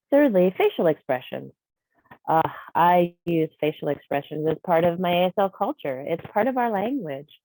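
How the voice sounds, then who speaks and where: A woman's voice: lowish voice, dark tone, poor audio. A woman voicing a deaf trainer's signed talk into speech over a video call, explaining patiently and conversationally. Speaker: sign language interpreter voicing a deaf trainer. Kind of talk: live spoken interpretation of a training session.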